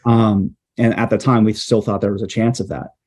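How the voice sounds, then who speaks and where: A man, a journalist guest, telling a story in a casual interview, lively and peppered with "like". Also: lowish voice, fairly quick. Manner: lively storyteller, heavy use of "like". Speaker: guest, journalist and storm chaser.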